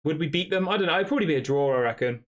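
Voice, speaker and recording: A man's voice: a little high, animated, rapid-fire. A young man casually hosting a football live stream, reading fan chat aloud and answering with lots of fillers and restarts. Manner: conversational, reads chat questions aloud, frequent fillers.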